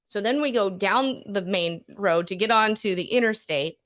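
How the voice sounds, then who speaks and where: A middle-aged woman co-hosting a podcast, telling a story in an animated, breathless way with quick asides. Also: medium pitch. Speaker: podcast co-host. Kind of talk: casual storytelling chat.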